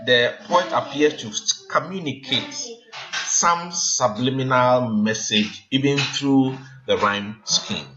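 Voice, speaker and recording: A man teaching a poetry lesson, explaining in a measured, hesitant way with frequent pauses and filler sounds. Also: medium pitch. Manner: measured, hesitant, frequent ums, counts syllables aloud. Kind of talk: recorded literature lesson. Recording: dull lo-fi sound with faint noise.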